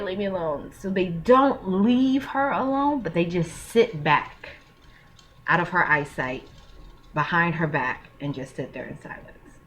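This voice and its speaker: A woman's voice: sits low, a bit bright, slight background noise. A woman giving frank, earnest parenting advice in a casual vlog, talking in slang and openly emotional.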